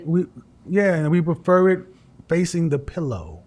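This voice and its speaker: A man's voice: fairly high pitch, very animated, measured pace, darkish tone. A man hosting a call-in advice show, talking to a caller in a blunt, lecturing way. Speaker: dating coach host of a call-in show.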